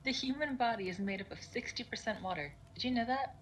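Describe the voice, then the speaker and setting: A woman voicing a mocking, disembodied dark voice inside the player's head, low and half-whispered. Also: fast, slight background noise, lightly acted, poor audio. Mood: sneering. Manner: sneering and condescending.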